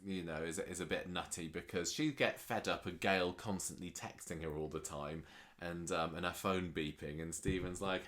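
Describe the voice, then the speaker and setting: A man's voice: low voice, fairly even intonation, moderate pace, a bit bright. A man co-hosting a podcast, recapping a soap in casual, rambling chat with many ums and restarts. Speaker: podcast co-host.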